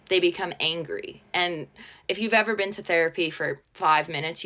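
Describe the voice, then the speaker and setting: A woman's voice: sits low, sharp tone. A woman reading online posts aloud and commenting on them in a blunt, sarcastic, casual way.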